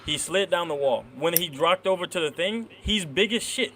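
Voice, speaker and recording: A man's voice: high voice, animated, moderate pace, fairly bright tone, a little hiss or hum. A man in a casual podcast discussion, speaking bluntly and emphatically.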